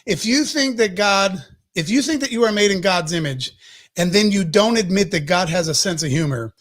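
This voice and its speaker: Animated, profane male podcast host. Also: sits high, moderate pace. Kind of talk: comic rant on a podcast.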